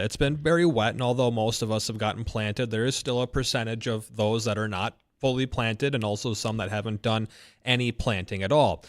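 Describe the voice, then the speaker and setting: Male meteorologist co-host, low voice, halting delivery, dry sound. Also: clear, resonant tone, no echo. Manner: halting, restarts while framing his question. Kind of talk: asking a question on a live show.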